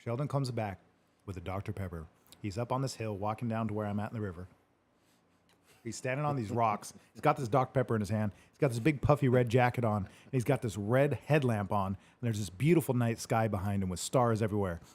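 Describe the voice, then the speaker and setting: A man's voice: fairly low pitch, brisk, a little mellow. A man telling a loose story as host of a casual chat. He rambles, laughs often and swears without a second thought. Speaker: host answering live questions.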